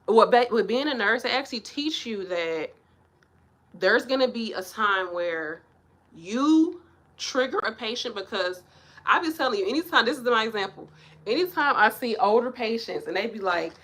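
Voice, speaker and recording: A woman, a nurse talking casually to the camera, blunt and animated, swearing and laughing as she rambles. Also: moderate pace. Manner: blunt, animated, swears and laughs, acts out patients in higher voices. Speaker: nurse vlogger. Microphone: camera mic.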